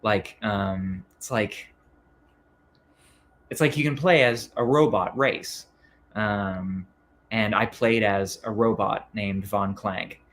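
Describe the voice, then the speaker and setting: A man's voice: on the low side, takes it slowly, fairly bright tone, a little hiss or hum. A man being interviewed as a comic book writer, talking casually and hesitantly with many ums and restarts.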